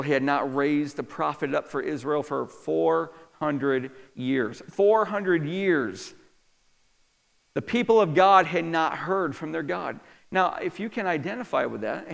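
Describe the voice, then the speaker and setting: A man's voice: fairly high pitch, creaky, in a large hall. A man preaching a sermon, asking the listeners question after question as he explains the land and its people. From New York. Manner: animated preacher, asks the crowd many questions. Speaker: pastor.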